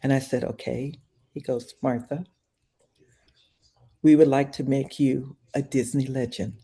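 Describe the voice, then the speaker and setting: A guest on a podcast, the older woman recounts a lively story at a measured pace in a very deep, husky voice during a casual interview. Every voice in the tale gets acted out, from hushed tones up to shrieking.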